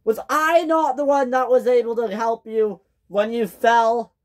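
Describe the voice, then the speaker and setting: Upset young male engine, played by a woman, defensive, pitched high. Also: steady tone, unhurried, a little mellow, close to an everyday voice. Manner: raised, pleading and scolding delivery.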